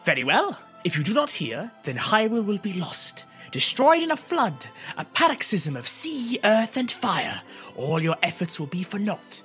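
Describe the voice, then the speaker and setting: A man voicing an eccentric male mask seller in an audiobook, speaking in a high, sing-song, theatrical way. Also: very animated, normal speed, bright, forceful tone, soft background music, exaggerated voice. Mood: ominous.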